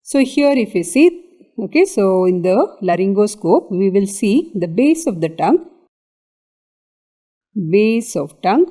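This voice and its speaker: Indian woman teaching an anatomy lecture, mellow voice. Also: mid-range voice, very animated, measured pace, long pauses. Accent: Indian English. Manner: explains step by step, often checking with "okay". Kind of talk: exam revision lecture.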